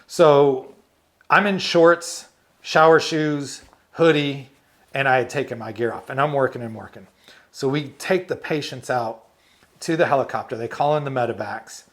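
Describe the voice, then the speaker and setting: Animated retired army medic telling war stories. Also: male voice, mid-range voice, normal speed. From United States. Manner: animated storyteller, laughs often, acts out quotes. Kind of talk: storytelling interview.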